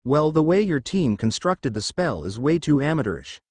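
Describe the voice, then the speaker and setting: A man's voice: on the high side, sing-song, moderate pace, a little mellow, no room sound. A man voicing an overpowered young demon king who talks in a lazy, teasing, offhand way.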